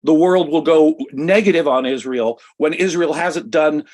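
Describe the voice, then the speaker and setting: An impassioned American man delivering heated political commentary on a talk show. His voice sits fairly high for a man, and he presses hard on his points with emphatic insistence. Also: unhurried, a little mellow. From United States. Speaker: co-host.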